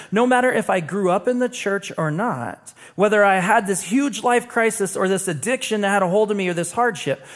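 A young man delivers a sermon from the pulpit with a fairly high voice. He talks to the congregation in a relaxed, conversational way, then slows down and drops his voice for weighty lines. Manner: conversational preacher, dramatic pauses, acts out quoted dialogue. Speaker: pastor.

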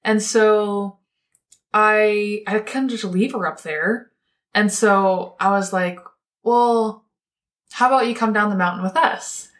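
Woman, mid pitch. Casual chatty storyteller who laughs often. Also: measured pace, a bit bright. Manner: laughs often, quotes people in dialogue. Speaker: co-host telling a story.

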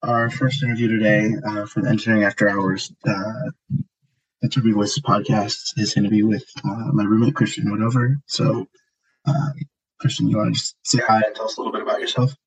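A young male student interviewer on a podcast, talking in a relaxed way with lots of fillers. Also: on the low side, a little fast, slightly rough, low-quality recording. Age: young adult. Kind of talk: casual podcast chat.

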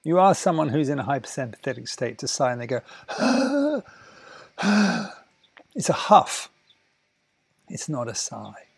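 A man teaching a relaxation lesson, talking slowly and soothingly, sometimes dropping to soft murmurs between louder asides. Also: mid-range voice, creaky, slightly rough. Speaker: wellness teacher. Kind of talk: guided talk on breathing and relaxation.

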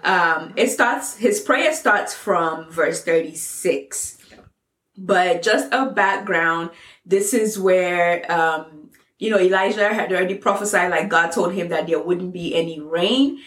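A woman's voice: lowish voice, takes it slowly, fairly bright tone. A woman co-hosting a faith podcast, chatting casually and laughing as she explains a Bible story. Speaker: podcast co-host. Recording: echoey room.

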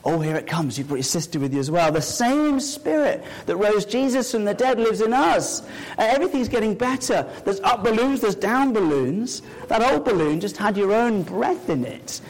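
A man's voice: high voice, lively intonation, normal speed, poor audio. A man preaching in a church, playful and chatty with the children and the congregation. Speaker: pastor. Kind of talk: sermon with a live object lesson. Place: church sanctuary with balcony.

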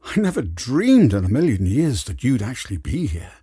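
A cheerful, easygoing older man, read by a male narrator in a spoken story. The delivery is lively and slightly husky, close to the reader's own voice. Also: medium pitch, moderate pace, dry recording, heavily acted. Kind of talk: audiobook character voice.

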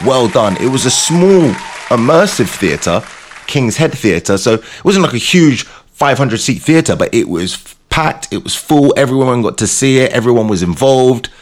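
Lively man telling a comic story. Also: mid-range voice, a little slow, some chatter behind. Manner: animated, playful storytelling. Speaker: show host. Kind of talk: comic casual monologue.

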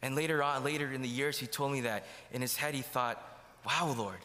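A man's voice: medium pitch, steady tone, fast talker, bright, forceful tone. A man giving a sermon testimony in a church, telling his story and acting out the dialogue. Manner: storytelling, acts out quoted dialogue. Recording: long hall reverb.

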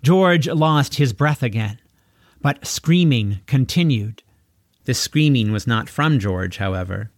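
A man narrating a children's novel, reading in an expressive storytelling manner. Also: medium pitch, slow pace, dry recording, clean studio sound. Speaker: audiobook narrator. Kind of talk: audiobook reading.

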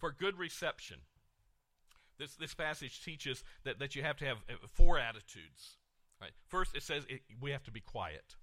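A middle-aged male pastor giving an animated sermon, dropping soft then surging loud, with repeated words. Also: mid-range voice, moderate pace.

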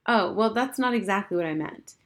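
Soft awkward mom trying to soothe her kid, woman reading it. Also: mid-range voice, expressive, brisk, lightly acted. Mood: gentle. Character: gentle, awkward middle-aged mother.

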